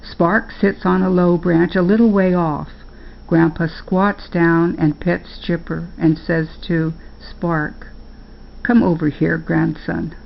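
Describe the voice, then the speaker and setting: An older woman storyteller reading a storybook aloud in unhurried, plain narration. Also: fairly low pitch, little pitch movement, creaky, lo-fi sound, slight background noise.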